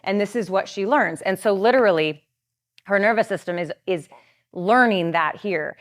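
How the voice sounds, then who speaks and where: Woman, guest coach, masterclass explanation, earnest, filler-heavy, mid pitch. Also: fairly bright tone. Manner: earnest, many "like" fillers and restarts. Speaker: guest coach on trauma and the nervous system.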